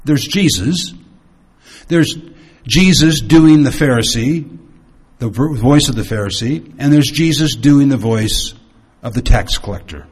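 A man preaching and teaching with storytelling. He swings his pitch and volume for dramatic effect. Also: unhurried, darkish tone, breathy edge. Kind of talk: sermon-style teaching.

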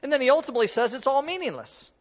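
A man's voice: extremely high pitch, lively intonation, racing. A man preaching a conversational sermon, acting out an object lesson as he talks. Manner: conversational, self-deprecating, demonstrates while talking. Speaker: pastor. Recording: dull sound in a reverberant hall.

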